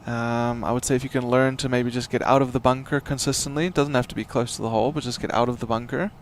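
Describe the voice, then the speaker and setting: A man giving live golf commentary in a relaxed, chatty way, with tips and play calls. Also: medium pitch, fast talker, a little hiss or hum.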